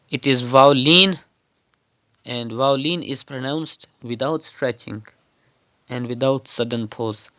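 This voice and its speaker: A man teaching Quran recitation online, explaining pronunciation rules step by step and repeating words slowly as examples. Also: mid-range voice, fairly bright tone. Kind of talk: online tajweed lesson.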